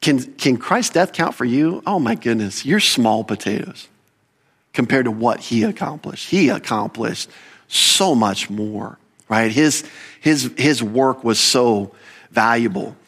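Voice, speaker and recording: Male pastor, mid-pitch voice, lively animated sermon delivery with sharp upward jumps for emphasis. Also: a little slow, husky. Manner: animated preaching, rising pitch on emphatic points, asides and self-corrections.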